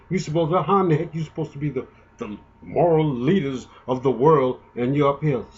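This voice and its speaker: A man's voice: on the high side, a little mellow, highs cut off. A man giving an indignant, emotional, rambling political monologue, often restarting his sentences. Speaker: political commentator.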